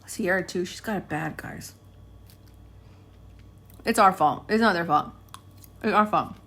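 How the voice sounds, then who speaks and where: Speaking a little slowly in a low, fairly bright voice, this young woman chats to her vlog audience from inside her home. She rambles, laughs a lot and breaks off mid-sentence to talk to her dogs.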